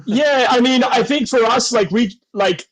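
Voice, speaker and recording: Goofy high-voiced man with a mild Australian accent. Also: unhurried, fairly bright tone, breathy edge, rough recording. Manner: goofy, joking, self-deprecating. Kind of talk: casual chat.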